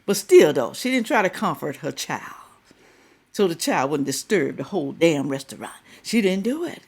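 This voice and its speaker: A middle-aged woman talks through a viral clip in casual commentary. Her pitch swings up and down constantly, and she keeps throwing questions at her audience. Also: normal speed, slightly rough. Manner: animated, fires rhetorical questions at viewers. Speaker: reaction video host.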